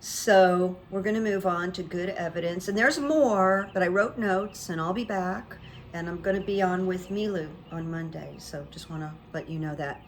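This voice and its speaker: A woman's voice: fairly low pitch, moderate pace, slight background noise. A middle-aged woman hosting her own channel, talking through the news in a chatty, opinionated monologue with asides and fillers. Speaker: host of a psychic commentary channel. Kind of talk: casual political commentary monologue.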